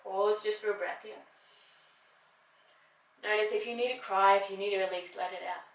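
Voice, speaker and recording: A woman's voice: medium pitch, steady tone, normal speed, reverberant, recorded from a distance, low-quality recording. A woman leading a yoga class, cheering the listener on as she holds the poses herself and strains along with them. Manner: encouraging, pushes through effort and laughs at the strain. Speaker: yoga instructor. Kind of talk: guided yoga class instruction.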